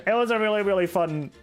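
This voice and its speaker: Chatty Scottish man, higher voice. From Scotland. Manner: chatty and self-mocking, reads chat messages aloud and answers them. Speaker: streamer. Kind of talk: casual live-stream chat while gaming. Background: faint background music.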